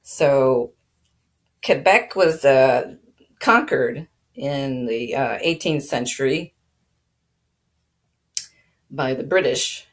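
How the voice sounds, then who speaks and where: Low-voiced woman chatting about history. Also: lively intonation, drawn-out words, pauses often. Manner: rambling, many fillers and restarts; chuckles now and then while talking. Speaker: channel host. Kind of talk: casual spoken history talk.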